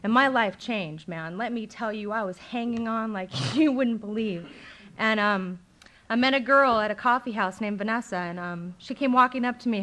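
A woman's voice: a little high, moderate pace, bright, forceful tone. A young adult woman speaking at a recovery meeting, telling her own story candidly and with feeling, with many fillers. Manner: candid and emotional, with frequent fillers.

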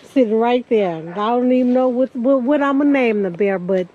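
A woman's voice: on the high side, moderate pace, narrow, tinny audio. A woman, chatting and joking outdoors in a casual camping vlog. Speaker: vlogger. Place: outdoor campsite.

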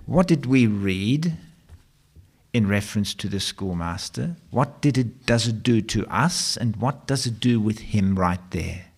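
A man preaching a sermon, asking rhetorical questions and reading scripture in a slow, dramatic way. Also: fairly low pitch, expressive, husky. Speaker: pastor.

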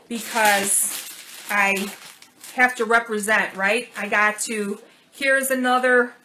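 A middle-aged woman talks through a casual unboxing vlog, her voice bright and a touch high. She gushes over each small gift and thanks her viewers warmly. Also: slight background noise, rough recording. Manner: gushing, warm thanks over small gifts. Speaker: channel host.

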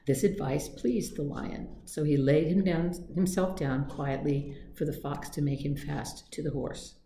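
A woman librarian reading fairy tales aloud in a gentle, steady storybook voice. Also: low-pitched, a little slow, gravelly, hardly any pauses, a little hiss or hum. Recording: echoey room with faint ambience.

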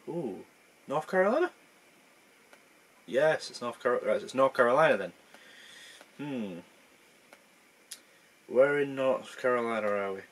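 A young man thinking aloud in casual gameplay commentary, rambling and poking fun at himself. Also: mid-range voice. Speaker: gaming channel host.

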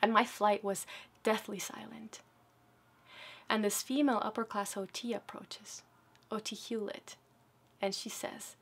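Sex: woman. Pitch: mid-range. Style: dramatic storytelling speech. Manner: swings between loud bursts and hushed near-whispers. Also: flat delivery, measured pace, long pauses, slightly rough. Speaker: storyteller sharing a personal story.

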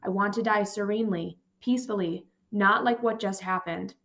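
Audiobook: frail dying elderly professor, gentle and unhurried, soft weak voice, read by a woman. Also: mid-range voice, natural voice. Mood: faint.

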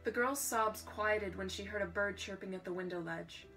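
A woman reads a storybook aloud in a relaxed, casual way, at a medium pitch. Faint music plays behind her as she drops quick, joking asides between passages. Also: rough recording.

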